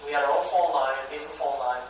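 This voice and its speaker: Male trainer with a high voice who tells lively stories, recorded from far off in a very echoey room with faint hiss. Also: fast. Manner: animated storytelling, many "you know" fillers. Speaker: network marketing trainer. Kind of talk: motivational training talk. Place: training event room at a campus.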